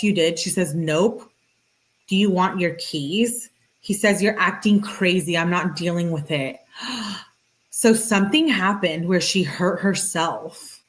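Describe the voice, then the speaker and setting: A woman reading text messages aloud and reacting to them in a casual, slangy way with sarcastic asides. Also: lowish voice. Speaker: true-crime commentator.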